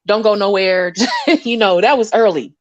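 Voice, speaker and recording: A woman scientist talking casually about her lab work, animated and often laughing as she acts out conversations. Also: mid-range voice, moderate pace, dry recording, muffled recording.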